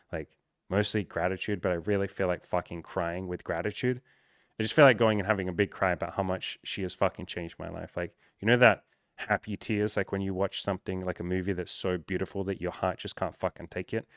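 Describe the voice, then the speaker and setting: A man's voice: deep voice, fairly even intonation, a little fast, no echo, clean studio sound. A young man hosting a podcast, talking candidly and near tears in a personal monologue, swearing freely. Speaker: podcast host.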